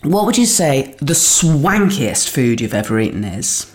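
A woman's voice: a bass voice, sing-song, a little slow. A woman hosting a casual chat, enthusiastic and rambling. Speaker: host.

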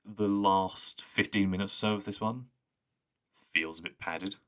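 A man with a very low voice co-hosts a podcast in casual chat. He rambles enthusiastically and scatters "like" through his sentences. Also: fairly even intonation, a little slow, fairly bright tone. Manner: rambling, enthusiastic, full of "like" fillers. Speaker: podcast co-host.

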